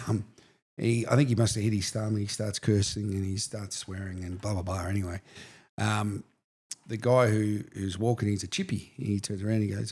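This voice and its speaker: A middle-aged man with an Australian accent, co-hosting a casual real estate chat and telling anecdotes with lively energy. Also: fairly low pitch. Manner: storytelling, animated, says "mate". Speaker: real estate agent, podcast co-host.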